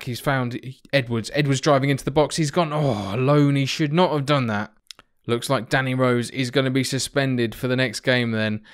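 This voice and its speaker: Man, casual game commentator, smooth clear voice, chatty and excitable, mild swearing. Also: mid-range voice. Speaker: let's play commentator.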